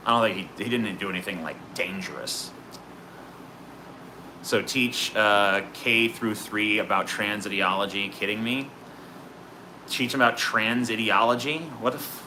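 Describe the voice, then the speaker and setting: Sweary sarcastic man with a bright voice. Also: lowish voice, slight background noise. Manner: profane, sarcastic, rambling. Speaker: streamer answering chat. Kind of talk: casual livestream chat.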